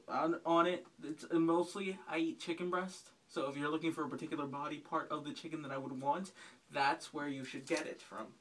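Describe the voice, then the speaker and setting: A man's voice: a little high, a bit bright, recorded from a distance. Rambling man telling a stand-up story. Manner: rambling, self-mocking, profane. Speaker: stand-up comedian.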